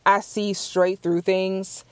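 A woman's voice: medium pitch, little pitch movement, slow pace, clear, resonant tone, no room sound. A young woman hosting a podcast, chatting earnestly on her own as she answers question cards, often repeating words while she searches for what to say. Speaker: podcast host. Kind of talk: casual solo Q&A chat.

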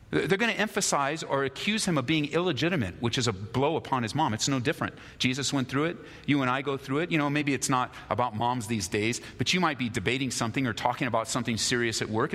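A male pastor preaching an animated sermon, acting out quarrels and asking the listeners questions. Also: fairly high pitch, slightly rough. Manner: animated, acts out quarrels in lively voices. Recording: long hall reverb.

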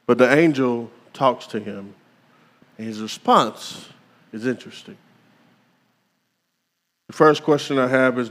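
A male pastor preaching a sermon, calling out to the congregation with dramatic pauses. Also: medium pitch, big-room sound.

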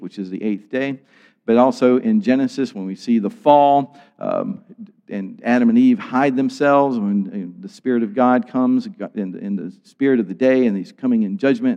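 A pastor giving a teaching sermon, explaining word roots with simple examples. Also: male voice, mid-range voice, a little mellow, big-room sound, dull audio. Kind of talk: expository sermon.

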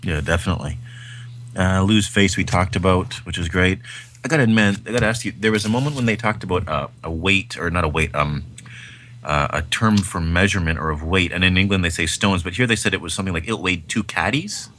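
Podcast co-host, male, deep and crisp-toned, chatty and excitable, faint hiss behind. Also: brisk. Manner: enthusiastic, rambling, peppered with fillers and "man". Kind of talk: casual film-review chat.

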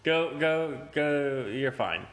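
A man's voice: a little high, slow pace, a bit bright. Young guy telling a story on a podcast, cusses a ton, laughs, does everybody's lines. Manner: profane, laughing, acts out quotes. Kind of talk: casual storytelling chat.

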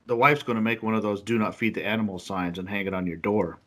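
A man's voice: lowish voice, steady tone, fast talker, background noise. A man co-hosting a casual podcast, tossing in dry teasing remarks. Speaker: podcast co-host. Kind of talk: casual chat.

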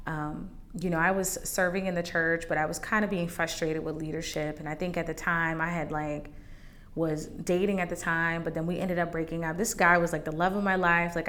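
A woman's voice: lowish voice, fairly bright tone. Candid woman sharing a personal testimony. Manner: candid, conversational, emotional at times. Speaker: podcast host.

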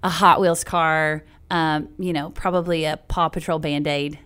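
Bubbly woman, smooth low voice. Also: fairly even intonation, a little slow, a bit bright. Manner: bubbly, giggly, self-deprecating, lots of "like". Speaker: podcast guest. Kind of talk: casual interview chat.

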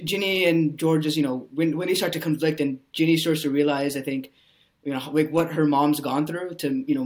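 A man's voice: on the high side, a little mellow. A man, an actor appearing as a podcast guest, speaking casually and rambling with lots of "you know" fillers.

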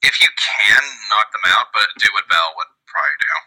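A man playing in a tabletop game over voice chat, reacting quickly and lively. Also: lowish voice. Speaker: player. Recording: tinny phone-like line.

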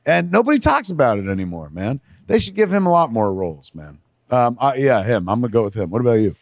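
A man's voice: medium pitch, fast, creaky, no room sound. Male podcast co-host, middle-aged, profane and heartfelt, dry close sound. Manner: profane, emotional, animated storytelling. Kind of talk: casual chat.

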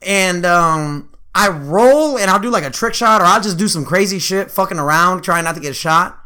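A man telling stories in casual chat, profane and animated, slipping into voices for the people in his tales. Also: high voice, moderate pace, clear, resonant tone.

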